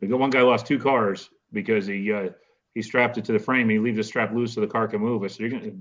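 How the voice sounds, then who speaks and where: Fast-talking American man from the North. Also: fairly low pitch, steady tone, a bit bright. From Northern United States. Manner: quick, chatty explainer. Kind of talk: casual chat.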